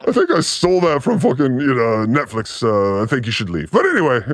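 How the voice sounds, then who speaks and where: A man hosting a podcast, teasing his guest with crude, animated jokes in casual chat. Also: medium pitch, a little fast, hardly any pauses. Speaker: podcast host. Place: studio.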